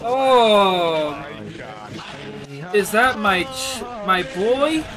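A man with a high voice jokes and yells through comedic in-game role-play chat. He sounds loud and playful, and a busy crowd is heard behind him in the game. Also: expressive, normal speed. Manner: loud, joking, often yelling. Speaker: streamer playing an online game.

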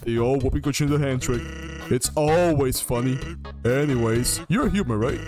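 A man voicing a laid-back, lazy male skeleton joker in a slow, low drawl, reading game dialogue on a livestream. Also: close to an everyday voice. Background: game music.

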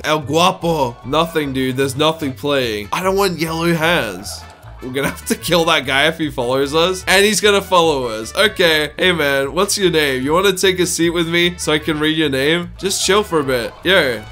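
A young man doing casual, joking gameplay commentary as a gaming YouTuber, full of quick asides. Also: fairly high pitch, pushed and bright. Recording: music playing behind.

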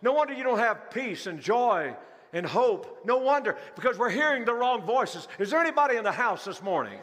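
A man's voice: very high-pitched, very animated, a little fast, fairly bright tone. A male pastor preaching a sermon to a congregation, asking rhetorical questions and repeating key phrases. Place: large church hall. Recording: long hall reverb.

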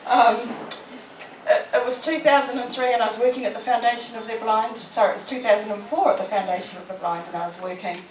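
A woman's voice: on the high side, steady tone, fast, a little hiss or hum. A middle-aged woman, giving a humorous, self-deprecating storytelling talk to an audience. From New Zealand. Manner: humorous, self-deprecating anecdotes with acted quotes. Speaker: motivational speaker. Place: public library talk room. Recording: echoey room, mic from a distance.

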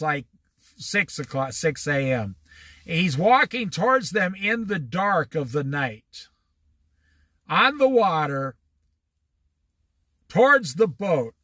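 A man's voice: high-pitched, lively intonation, slow pace, sharp tone, no room sound. A man leading an informal Bible study, reading verses aloud and then explaining them in a conversational way. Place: on the Oregon coast.

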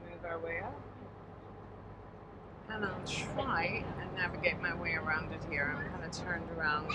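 A woman's voice: on the low side, measured pace. Chatty woman guiding a boat tour. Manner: chatty, upbeat, informal. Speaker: tour guide. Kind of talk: narrated walking-tour vlog. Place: outdoors on a river boat deck. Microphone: camera mic, filming herself. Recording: noisy outdoor boat recording. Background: loud engine and water noise.

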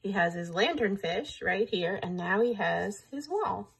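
Breathy woman reading a picture book. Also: medium pitch, animated, a little slow. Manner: engaging, asks the listeners questions. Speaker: teacher reading to children.

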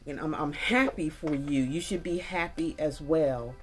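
A woman's voice: low voice, unhurried. A woman giving a casual spoken tarot reading, chatty and folksy, talking straight to her viewers. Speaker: tarot reader. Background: faint music.

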